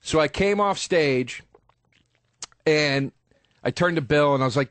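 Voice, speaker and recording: Defensive comedian, slightly high voice. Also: male voice, animated, moderate pace, no room sound. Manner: defensive, exasperated, interjecting. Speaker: comedian guest. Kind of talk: defensive storytelling on radio.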